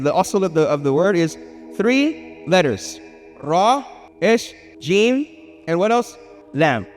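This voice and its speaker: A man giving a lively public lecture, asking the audience questions and acting out little scenes. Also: high-pitched. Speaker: Islamic speaker. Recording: hall reverb with faint music.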